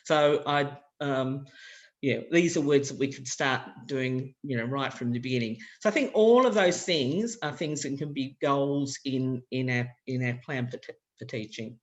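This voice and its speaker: Speaking in a mid-range voice at a moderate pace, an Australian-accented man leads a practical session for language teachers. He talks through concepts in a relaxed, conversational style and goes over examples.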